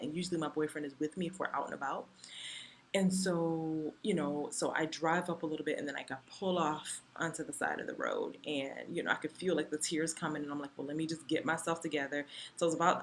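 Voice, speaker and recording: A woman vlogger casually retelling a personal story in a chatty, animated way, full of "you know" and "like". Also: low-pitched, slight background noise.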